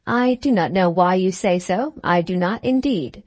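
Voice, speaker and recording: A woman reading the part of a proud Victorian gentleman suitor in an audiobook, formal and insistent. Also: fairly low pitch, normal speed, dry recording, natural voice.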